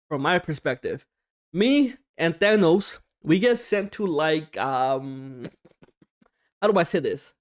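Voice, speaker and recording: A young man hosting a casual storytime vlog, slangy and animated, swearing often and acting out what people said. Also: on the high side. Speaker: storytime YouTuber.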